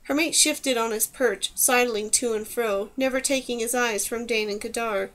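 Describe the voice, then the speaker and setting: A woman's voice: on the high side, moderate pace, a bit bright, low-quality recording. A woman narrating a fantasy novel, reading steadily and giving the dialogue light voices. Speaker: audiobook narrator. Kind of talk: scripted narration.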